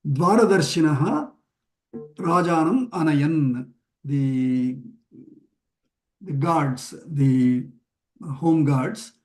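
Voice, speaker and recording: A man teaching a weekly online class over a video call, explaining a chanted text slowly and word by word, with many pauses and fillers. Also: a little high, soft background music. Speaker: teacher of scripture.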